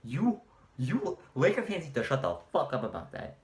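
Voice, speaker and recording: A man with a mid-range voice rants as a sports vlog host, swinging between muttered irritation and sudden shouted disbelief. He swears freely and mocks rival fans in put-on voices. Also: medium pitch, wildly swooping pitch, fast. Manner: exasperated, profane ranting with mocking voices and sudden shouted outbursts. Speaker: sports commentator. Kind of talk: ranting vlog monologue.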